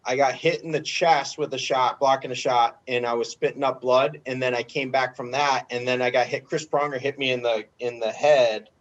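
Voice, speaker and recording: Man, casual storyteller, rambling, chuckling, average pitch, muffled lo-fi recording. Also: fairly even intonation, normal speed, few pauses. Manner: rambling anecdotes, often laughing. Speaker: former pro hockey player and guest. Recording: dull lo-fi audio.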